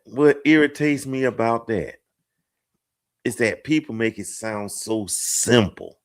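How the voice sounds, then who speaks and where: A man's voice: medium pitch, takes it slowly. A middle-aged man hosting a casual group discussion, hesitant and self-mocking, joking his way through the topic. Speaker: talk show host.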